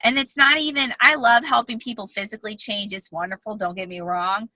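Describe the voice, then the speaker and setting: A woman's voice: a little high, fairly even intonation, fairly quick, bright, forceful tone, dry recording, poor audio. A woman speaking as a health coach, giving a heartfelt, rambling personal testimonial from inside a parked car. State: emotional.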